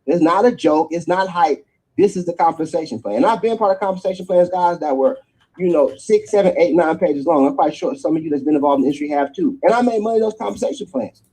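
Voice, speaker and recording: A man delivers a rapid, high-pitched sales pitch for a network marketing plan. His voice is husky and dark in tone. He drives each point home and checks in with his listeners again and again. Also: low-quality recording. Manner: energetic preacherly pitch, tag questions after each point.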